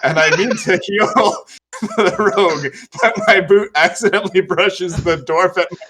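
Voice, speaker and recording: Slow, halting male tabletop player. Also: high-pitched, noisy background. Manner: halting, searching for words. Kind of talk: casual tabletop play.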